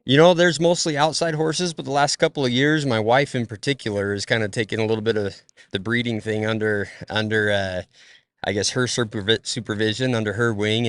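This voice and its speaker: A man answering interview questions as a horse trainer, relaxed and hesitant with many fillers. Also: mid-range voice, fairly quick, no echo.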